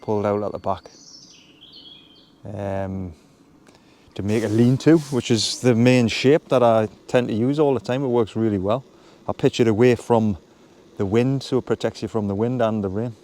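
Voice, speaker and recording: A man, chatting casually in a relaxed, rambling way as he vlogs from a woodland wild camp. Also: on the low side, normal speed. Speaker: vlogger. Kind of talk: casual outdoor vlog talk. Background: birds and woodland ambience.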